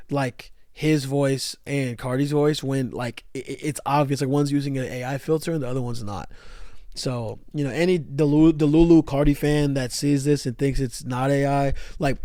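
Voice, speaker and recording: A man's voice: mid-range voice, no echo, clean studio sound. A young man giving a rambling, slangy music commentary rant, full of fillers and restarts. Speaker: music YouTuber.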